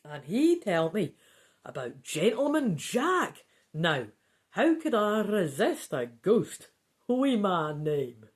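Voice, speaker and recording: A woman doing a Scots gentleman writer. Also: mid-range voice, big pitch swings, slow pace. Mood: friendly. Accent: Scottish. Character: thin mustachioed male writer, affable.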